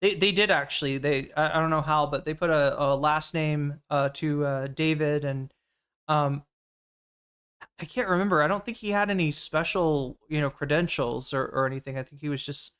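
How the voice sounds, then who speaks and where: A woman's voice: low voice, moderate pace, fairly bright tone, smooth. A woman streamer chatting casually while reacting to a video, rambling and talking to her chat.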